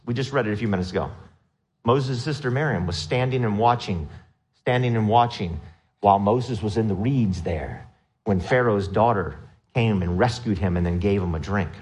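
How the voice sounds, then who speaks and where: A man preaching a sermon, retelling a story with lively acted-out quotes and questions to the congregation. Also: fairly low pitch, moderate pace. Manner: animated storytelling, acts out quotes in raised voice. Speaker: pastor.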